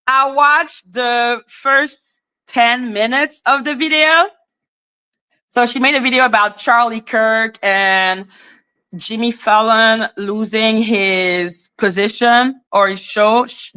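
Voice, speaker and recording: A woman hosting a commentary livestream, ranting with heavy profanity and mockery, breaking into shouts. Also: a little high, takes it slowly, clear, resonant tone. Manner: profane, mocking, shouts in outbursts. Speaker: commentary channel host. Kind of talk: heated livestream rant.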